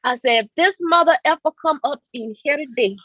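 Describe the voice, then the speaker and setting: A woman tells her story in a high, girlish voice, acting out the others' lines as she goes. Her pitch sits well above most women's. The sound is dry and a little dull, with no room around it. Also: a little fast, no echo. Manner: animated, acts out quotes in voices. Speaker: talk show guest. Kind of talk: candid storytelling.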